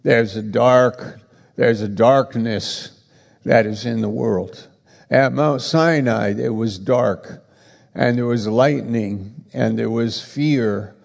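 Slow gravelly preacher man. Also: on the low side, a little mellow, long reverb tail. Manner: halting, repeating words for emphasis. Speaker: pastor. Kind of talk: sermon.

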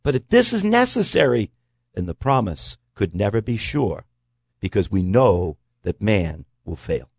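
A man in a conversational Bible teaching talk, earnest and emphatic, slowing down to stress key words. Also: fairly low pitch, big pitch swings, darkish tone, husky, no room sound, clean studio sound. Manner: earnest, emphatic preaching cadence with slow stresses.

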